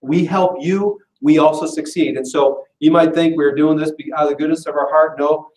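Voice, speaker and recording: At normal speed and with fairly even intonation, a man with a slightly raised, somewhat mellow voice gives a casual, joking sales pitch to an audience at an info session. He's chatty and self-deprecating, often laughing, heard distantly through a room mic that adds echo and a little hiss or hum.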